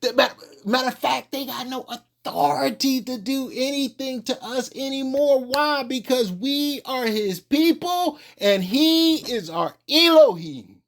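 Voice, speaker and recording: Unhurried lay preacher, informal sermon, emphatic with rhetorical questions and many restarts. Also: sits high. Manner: colloquial, restarts mid-phrase. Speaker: religious teacher.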